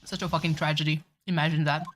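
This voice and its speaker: A woman's voice: low-pitched, little pitch movement, fast talker, a little hiss or hum. A woman streamer chatting casually while playing a game, talkative, swearing and saying "like" a lot. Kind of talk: casual live-stream chat.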